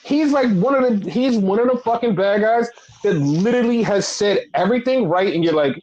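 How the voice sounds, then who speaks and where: High-voiced man ranting profanely. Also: lively intonation, fairly quick, darkish tone, muffled recording. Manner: profane, heated ranting with repeated phrases. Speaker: wrestling podcast co-host. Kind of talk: casual ranting podcast chat.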